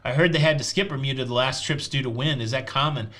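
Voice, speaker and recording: A man with a Southern Tennessee accent hosting a live cruise chat show, answering viewer questions with a teasing, deadpan sense of humor. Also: mid-range voice, quick pace. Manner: joking and teasing, deadpan jokes.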